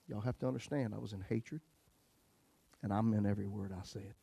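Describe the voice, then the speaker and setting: A male pastor telling his own story in a sermon, folksy, swinging between loud bursts and hushed lines. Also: fairly low pitch, fairly even intonation, fairly quick, vocal fry, breathy edge.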